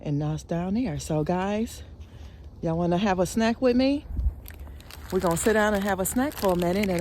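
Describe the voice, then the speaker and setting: A woman chatting excitedly to viewers while walking a park trail, filming with a handheld camera. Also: on the low side. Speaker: lifestyle vlogger. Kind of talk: casual outdoor walking vlog. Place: outdoor park trail by a pond.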